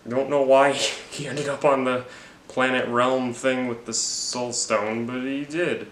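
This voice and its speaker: A man's voice: mid-range voice, steady tone, normal speed, a bit bright, slight background noise. A man giving a rambling, jokey, profane movie recap. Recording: roomy with faint ambience.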